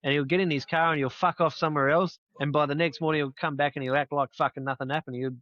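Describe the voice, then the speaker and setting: Middle-aged man, blunt swearing storyteller, raised pitch, muffled dry recording. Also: steady tone, fast talker, fairly bright tone, dry recording. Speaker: podcast guest. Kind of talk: casual podcast chat.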